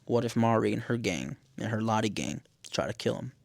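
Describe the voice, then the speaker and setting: A young man giving a casual, animated episode recap, swearing freely and jumping into exaggerated high-pitched reactions. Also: fairly quick, vocal fry, no room sound. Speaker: podcast host recapping a TV episode.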